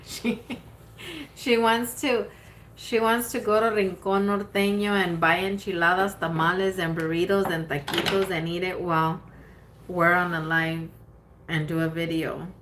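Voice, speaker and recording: A woman from California co-hosts a casual live stream, chatty and relaxed as she reads out viewer comments. Her voice sits on the low side, with a faint hum of room ambience behind her. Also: measured pace. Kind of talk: casual chat.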